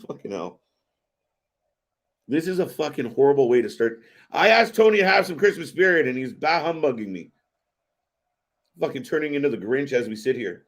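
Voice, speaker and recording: Animated, swearing male stream host. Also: medium pitch, normal speed, pauses often. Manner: excitable and profane, swearing often. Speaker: host of a wrestling watch-party stream. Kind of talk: live reaction commentary.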